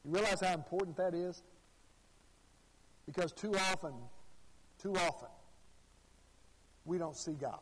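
Male preacher, high voice, folksy and repetitive, reverberant church hall. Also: a little slow, pauses often. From Arkansas. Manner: folksy storytelling, repeats phrases. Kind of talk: sermon.

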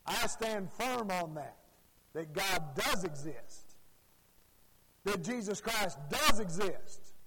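A man preaching a sermon, emphatic, with deliberate phrasing that swells and drops. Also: sits high, lively intonation, sharp tone, slightly rough, big-room sound, rough recording.

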